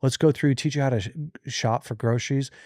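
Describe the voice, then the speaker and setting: A man's voice: medium pitch, a little fast, dry recording, clean studio sound. A man in his forties, host of a podcast, telling a long family story in casual chat and acting out the people he quotes. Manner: animated, acts out quoted voices.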